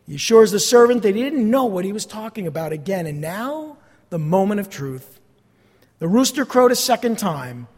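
A man with a New Jersey accent preaching a sermon, retelling a story with rhetorical questions and lively emphasis. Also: high-pitched. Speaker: pastor. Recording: long hall reverb.

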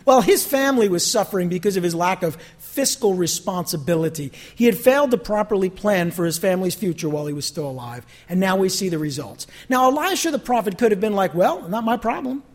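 A man teaching a Bible study as a pastor, talking in a conversational, animated way and acting out the voices of people he quotes. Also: sits high, quick pace, hardly any pauses.

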